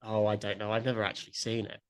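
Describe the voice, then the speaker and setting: A man's voice: lowish voice, monotone, fast, clean tone. A man co-hosting a podcast in casual chat, laughing easily and teasing. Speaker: podcast co-host.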